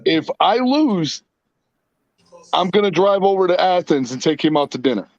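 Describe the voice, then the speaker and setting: A man's voice: sits high, expressive, moderate pace, no echo, muffled recording. A man hosting a casual podcast, telling stories and swearing freely. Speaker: podcast host. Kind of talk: casual profane banter.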